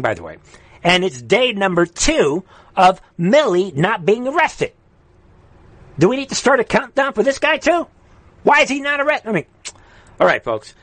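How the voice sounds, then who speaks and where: A man hosting a live political stream, ranting and taunting, with sudden loud jumps up in pitch. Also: dry recording. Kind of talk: heated political commentary.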